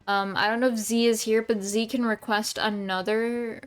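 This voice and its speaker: A woman's voice: fairly high pitch, fairly even intonation, normal speed, clear, resonant tone, faint music behind. A woman streamer chatting casually with her viewers at home, rambling with lots of ums and restarts. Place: home room.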